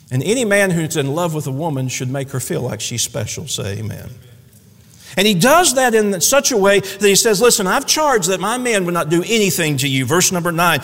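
A preacher delivers a folksy sermon with his voice set high for a man. His pitch swings widely from phrase to phrase. The long reverb of the church hall trails behind every line. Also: fairly quick. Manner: folksy, animated preaching with playful asides. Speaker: pastor. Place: church sanctuary.

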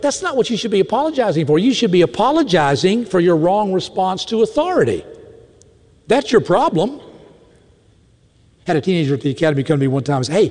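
A man preaching a sermon, animated and lively, with mock-indignant asides to his listeners. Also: sits high, a little fast, big-room sound. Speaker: pastor.

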